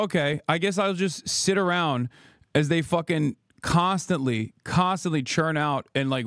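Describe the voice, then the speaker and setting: A man in his thirties rants on a live stream, angry and sarcastic and swearing freely. His voice sits fairly high for a man. It is recorded close and dry, with no room sound. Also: no echo. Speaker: political streamer. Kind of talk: heated live-stream rant.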